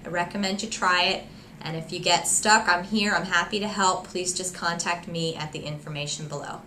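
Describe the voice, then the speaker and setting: Bright-voiced woman doctor in echoey room. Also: lowish voice, moderate pace, slight background noise. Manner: calm, practical, uses quoted example phrases. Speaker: doctor giving advice to physicians. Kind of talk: instructional talk to camera. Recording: echoey room with faint ambience.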